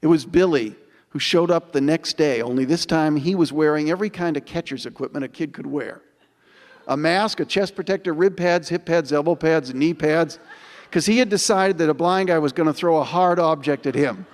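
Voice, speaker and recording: A man in his sixties giving an inspirational storytelling speech, building dramatic repetitions with slow, emphatic pauses. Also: a little high. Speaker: motivational speaker. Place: large auditorium. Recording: long auditorium reverb.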